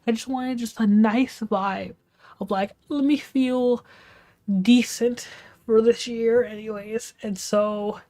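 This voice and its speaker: A woman streamer venting from home late at night, keeping her voice hushed and half-whispered, swearing and rambling with restarts. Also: on the high side. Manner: hushed, half-whispered talk to keep quiet. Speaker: live streamer. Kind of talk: venting storytime on a livestream.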